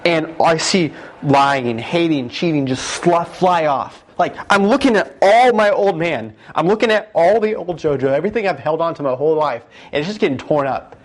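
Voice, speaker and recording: A man giving an emotional testimony as a guest, retelling it with excited, animated emphasis that jumps up at key moments. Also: on the high side, normal speed, few pauses.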